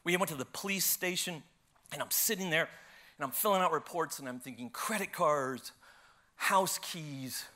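A man preaching a sermon and telling a personal story, swinging from loud, animated retelling to hushed, tearful passages. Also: on the high side, normal speed. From United States.

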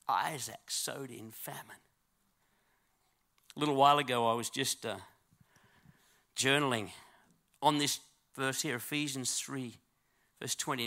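A man preaching a sermon in a church, swinging from loud, drawn-out exhortation to quiet, close talk and calling on the congregation to respond. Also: mid-range voice. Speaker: pastor.

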